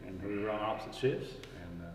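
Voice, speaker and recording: A firefighter, telling stories in a halting, casual way and laughing along. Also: male voice, lowish voice. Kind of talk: casual storytelling. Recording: roomy, distant mic with clear background hum.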